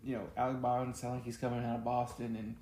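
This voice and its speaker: A man's voice: medium pitch, monotone, fast talker, dark tone. A man co-hosting a casual chat, joking and teasing as he talks. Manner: joking, teasing, Southern "y'all". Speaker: podcast co-host. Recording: echoey room with faint noise.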